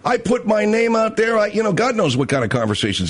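A male talk host ranting in blunt, profane commentary, his pitch swinging widely as he mocks and acts out the people he describes. His voice sits a little high for a man. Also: sing-song, quick pace, slightly rough. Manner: blunt, profane, mocking, puts on voices of others. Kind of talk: ranting commentary with acted-out dialogue.

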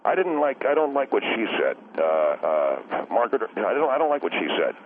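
Deep voiced guy calling in on a crackly phone, rambly and touchy. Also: very animated, moderate pace. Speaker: caller. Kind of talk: call-in radio chat. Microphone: telephone. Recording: tinny phone line, faint hiss.

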